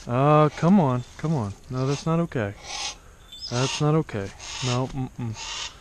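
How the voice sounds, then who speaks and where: A man narrating a casual vlog outdoors as a falconer, talking quietly and patiently and coaxing his bird between remarks. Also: medium pitch, slow, background noise. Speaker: falconer training a hawk. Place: outdoors among trees.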